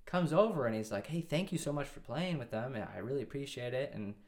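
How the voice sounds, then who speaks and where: With an animated, fairly quick, slightly mellow medium-pitched voice, a young man in his twenties rambles through a long story as a guest in a relaxed interview. He keeps restarting and quoting others' words.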